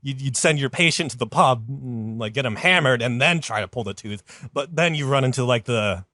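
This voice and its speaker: A man hosting a comedy podcast, telling a story in a rambling, casual way with lots of fillers, and jumping up in pitch when he quotes someone. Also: animated, moderate pace, pushed and bright, no room sound, clean studio sound. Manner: rambling, many fillers, jumps high for quoted voices.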